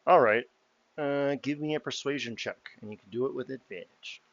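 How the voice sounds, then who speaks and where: A man's voice: mid-range voice, brisk, dry recording. Casual male game master, dull recording. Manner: casual, loose narration with fillers. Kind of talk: narrating a tabletop game.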